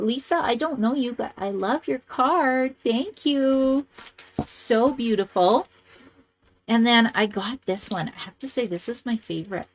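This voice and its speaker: A woman hosting a card-making video, chatting casually and gushing as she shows cards to the camera. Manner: gushing, chatty, lively swings in pitch.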